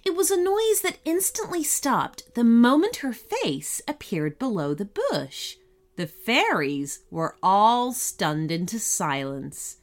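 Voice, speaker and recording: A woman hosting a children's story podcast, reading shout-outs and narrating a bedtime story in an expressive, soothing way. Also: mid-range voice, slow.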